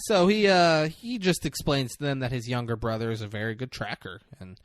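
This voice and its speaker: A male podcast co-host in casual chat, retelling movie scenes with quick acted-out quotes and frequent laughs. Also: mid-range voice, dry recording.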